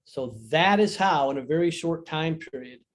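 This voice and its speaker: Older male guest on a video call, slightly high voice, earnest reflective storyteller. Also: normal speed. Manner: earnest, reflective, emphatic on key phrases. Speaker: guest, divorce author and coach. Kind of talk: conversational interview storytelling.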